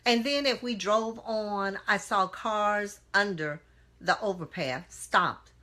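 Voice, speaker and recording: A woman's voice: medium pitch, takes it slowly, pushed and bright. Earnest woman giving a motivational live stream. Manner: earnest, rhetorical questions, greets viewers by name. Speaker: inspirational speaker hosting a live stream. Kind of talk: motivational talk to live viewers.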